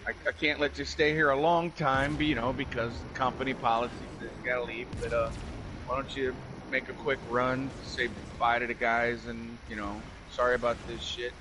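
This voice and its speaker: A man's voice: mid-range voice, flat delivery, normal speed, background noise. A man in casual chat, angrily recounting a story with lots of swearing and repeating himself as he quotes what he said. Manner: profane, heated, repeats "I said" while quoting himself.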